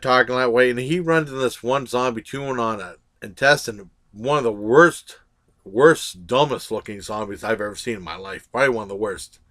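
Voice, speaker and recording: A man's voice: mid-range voice, pushed and bright. A man giving a casual movie review, blunt and rambling, with lots of "uh" and restarts.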